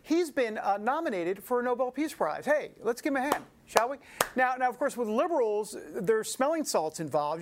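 A man with a New York accent hosting a casual news show, joking and rambling with asides to the audience. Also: sits high. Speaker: show host.

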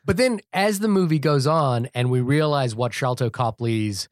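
A man's voice: medium pitch, normal speed, no room sound, clean studio sound. A man co-hosting a movie podcast in casual chat, opinionated and stammering as he restarts his sentences. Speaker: podcast co-host.

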